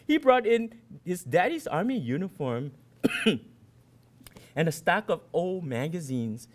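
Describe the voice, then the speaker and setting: A man in his fifties, an author from Vietnam, reading his short fiction aloud in a first-person boy's storytelling voice. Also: on the high side.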